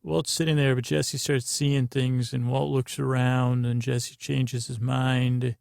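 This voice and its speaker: A man hosting a bedtime podcast, rambling slowly and aimlessly with many fillers. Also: medium pitch, little pitch movement, gravelly, darkish tone, no room sound, clean studio sound. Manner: meandering and slow, with many fillers. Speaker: podcast host. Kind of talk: drowsy bedtime podcast monologue.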